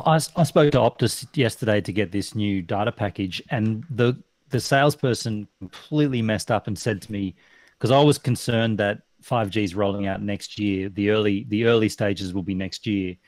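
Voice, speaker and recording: Aussie dude chatting on a live stream, dry sound, tells it with gusto. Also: male voice, on the low side, dry recording. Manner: animated storyteller, mimics people for effect. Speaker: podcast co-host. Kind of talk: casual live-stream chat.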